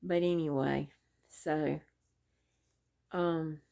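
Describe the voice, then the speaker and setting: A middle-aged woman, chatting casually on her crochet vlog and rambling through a story with many pauses and "anyway"s. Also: low-pitched, fairly even intonation, creaky, warm tone. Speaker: crochet vlogger.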